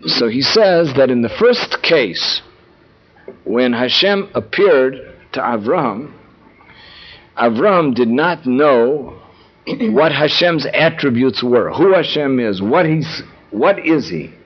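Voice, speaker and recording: A man's voice: mid-range voice, expressive, takes it slowly, breathy edge. A man teaching a text study lesson, explaining word meanings and repeating key phrases for emphasis. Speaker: Torah teacher. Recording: dull lo-fi recording.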